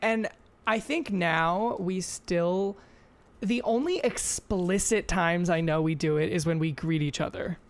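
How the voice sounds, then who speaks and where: A woman's voice: lowish voice, a little slow. A young woman co-hosting a podcast, chatting casually and often chiming in to agree. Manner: agreeable, backs up her friend with short yeses. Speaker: podcast co-host. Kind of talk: casual chat.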